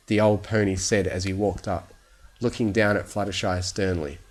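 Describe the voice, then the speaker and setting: A man with a somewhat low voice reading a story aloud for sleep. His delivery is calm and steady, made for lulling listeners to rest. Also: moderate pace. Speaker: fan fiction reader.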